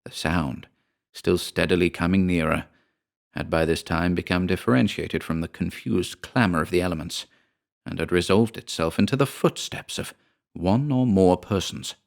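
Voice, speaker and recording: A deep-voiced man reads a supernatural tale aloud. His delivery is measured and deliberate, in the manner of scripted audiobook narration. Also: gravelly. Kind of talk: scripted narration of a ghost story.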